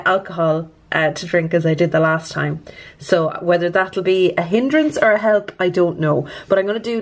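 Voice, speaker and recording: A woman chatting to camera close up about her nails, nervous but upbeat and self-deprecating. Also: on the low side. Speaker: nail art vlogger. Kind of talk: casual chat to camera.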